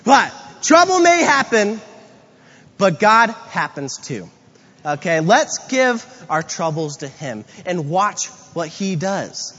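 A man with a fairly high voice preaches a sermon, slipping into animated acted-out asides as he tells his stories. He is recorded in a big reverberant hall, and the sound is dull and muffled. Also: slow pace. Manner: storytelling with animated quoted asides. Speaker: pastor.

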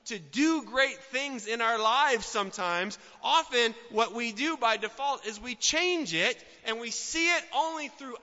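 High-voiced, bright preaching man in a hall. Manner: dynamic preaching, swinging between loud outbursts and soft asides. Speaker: pastor. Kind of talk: sermon. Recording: dull sound with long hall reverb.

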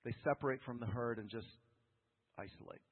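A man preaching a sermon as a pastor, animated, often asking his listeners questions. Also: medium pitch, brisk, slightly rough. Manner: animated, asks the congregation questions. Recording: phone-like sound with long hall reverb.

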